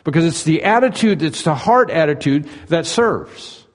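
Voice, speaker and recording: In a reverberant hall, a preaching pastor presses his sermon earnestly and emphatically, leaning on rhetorical questions. His voice is a little high, with lively intonation and a moderate pace.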